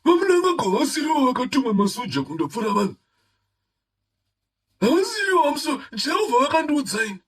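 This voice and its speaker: A man with a Zimbabwean accent mimicking a self-proclaimed male prophet in a high, strained, loud wail, pleading theatrically to God in mockery. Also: sing-song, fairly quick, distant mic, heavily acted. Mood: mocking wail.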